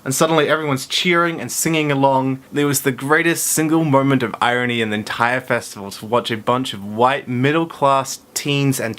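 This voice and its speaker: Bright animated young man. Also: medium pitch. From Perth, Australia. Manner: animated, exclamatory, playful. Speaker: vlogger. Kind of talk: casual vlog monologue. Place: his bedroom.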